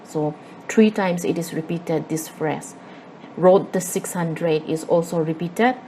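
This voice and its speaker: A woman with a Manipuri English accent teaches a poem in an explanatory lesson, pausing often on fillers and repeating herself. Her voice sits slightly low and sounds mellow and soft-edged, with a faint hiss of background noise. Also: poor audio. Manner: explanatory, with frequent fillers and repetitions. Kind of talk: classroom-style literature lesson.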